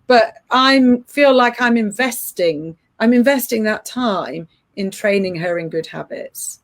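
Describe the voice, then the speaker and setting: A woman's voice: fairly high pitch, expressive, unhurried. A middle-aged woman coaching parents, explaining earnestly with frequent restarts. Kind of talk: advice-giving podcast chat.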